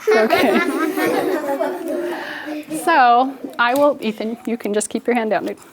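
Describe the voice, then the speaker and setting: A woman's voice: a little high, moderate pace, over a noisy crowd, very noisy. A young woman teacher giving a playful, story-style phonics lesson to children in a classroom. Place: classroom with kids.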